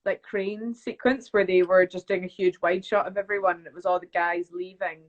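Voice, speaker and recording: A young woman, chatting casually as a guest on a live video call and telling animated stories with bits of impressions. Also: lowish voice, a little fast, dull audio. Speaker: actress guest. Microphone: phone on a video call.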